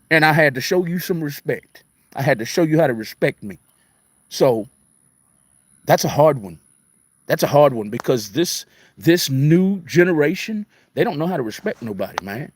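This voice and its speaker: A man's voice: a little high, big pitch swings, moderate pace, no echo. A middle-aged man hosting a casual live talk, answering comments in an emphatic, repetitive, preachy way, with a mix of city and country speech. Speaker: radio host answering viewer comments.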